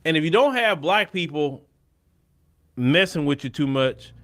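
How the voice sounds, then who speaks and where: A man's voice: fairly high pitch, lively intonation, unhurried, fairly bright tone. A man hosting a show of casual political commentary, blunt and opinionated, often restarting his sentences. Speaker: host.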